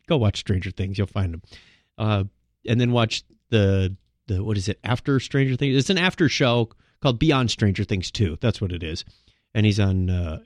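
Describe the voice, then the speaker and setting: A man's voice: mid-range voice, no echo. Rambling male podcast host, dry sound. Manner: rambling, with many restarts and filler words. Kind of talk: casual solo podcast monologue.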